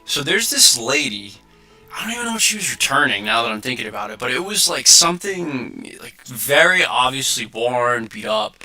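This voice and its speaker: Brief: twenties male streamer, casual, animated storyteller, tense bright tone. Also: medium pitch, brisk, soft background music. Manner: animated storytelling, acting out quotes with many filler likes. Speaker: livestream host. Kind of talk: casual livestream chat.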